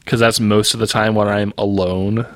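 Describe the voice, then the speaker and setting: A man's voice: fairly low pitch, little pitch movement, normal speed, no room sound. Man chiming in on a podcast, dry sound. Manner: chimes in with jokes and asides. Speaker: podcast co-host. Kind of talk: casual podcast chat.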